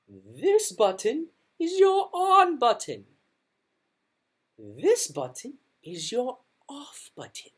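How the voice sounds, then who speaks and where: A woman voicing a gentle, patient female schoolteacher in a storybook, speaking softly and slowly in a high, coaxing voice. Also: sing-song, slightly rough, full character voice.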